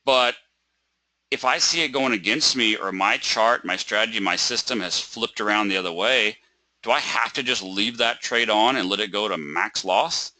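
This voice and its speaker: A man's voice: on the low side, moderate pace, bright, forceful tone, no room sound. A man teaching a live webinar lesson. He asks rhetorical questions, checks in with "right?" and "okay?", and acts out a stressed trader by repeating words. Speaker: trading webinar instructor.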